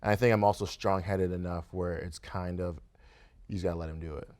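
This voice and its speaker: A man's voice: low-pitched, fairly even intonation, brisk, darkish tone. A young man from Michigan being interviewed in a studio, speaking in an easygoing way, often laughing and tagging his sentences with "right?". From Grand Rapids, Michigan, USA. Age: young adult. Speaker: guest, restaurant owner. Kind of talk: relaxed interview conversation. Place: radio studio.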